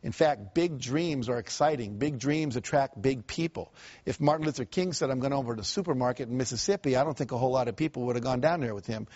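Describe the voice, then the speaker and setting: A man's voice: mid-range voice, fast, darkish tone, dull audio. A man giving a live motivational talk, telling stories and acting out the voices he quotes, often asking the audience questions. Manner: storytelling, acts out quoted voices. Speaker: motivational speaker.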